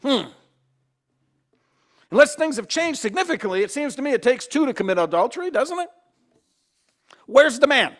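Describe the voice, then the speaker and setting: A man's voice: very high-pitched, sing-song, moderate pace, long pauses, fairly bright tone. A male pastor giving a conversational sermon, asking the congregation questions and sometimes repeating himself as he restarts. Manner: acts out quoted voices.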